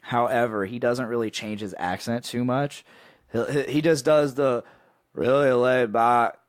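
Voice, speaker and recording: A man's voice: medium pitch, fairly even intonation, normal speed, no room sound, clean studio sound. A man hosting a podcast in casual chat, rambling and laughing, with many restarts. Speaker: podcast host.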